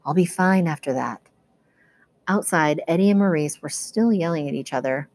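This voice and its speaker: Low-voiced woman reading a story aloud. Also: no room sound. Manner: steady, expressive storytelling. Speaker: teacher.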